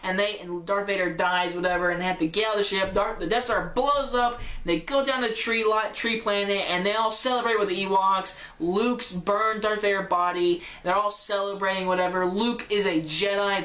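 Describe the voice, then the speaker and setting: A woman's voice: mid-range voice, a bit bright. Woman rambling thru a movie recap, gushy, says whatever a lot, echoey room. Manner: rambling, gushing, often trails off with "whatever". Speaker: movie reviewer.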